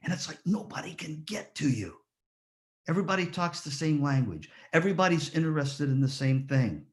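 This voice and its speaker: Lively storytelling man at a ceremony. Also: a little high, a little fast. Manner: lively storyteller, rhetorical questions, acts out quotes. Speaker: ceremony speaker. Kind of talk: motivational speech with stories.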